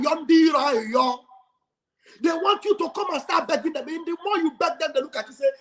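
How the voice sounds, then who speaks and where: A man hosting a livestream, giving a fiery, preacher-like speech full of shouting and call and response. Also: extremely high pitch, sing-song, normal speed. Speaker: livestream host. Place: home livestream studio.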